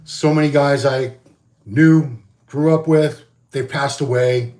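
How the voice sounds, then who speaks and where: Man in his fifties, mid-pitched, loose conversational solo chat full of fillers. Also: steady tone, takes it slowly, darkish tone. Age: 50s. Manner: rambling, conversational, frequent fillers and restarts. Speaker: bodybuilding magazine host. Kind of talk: casual solo vlog chat.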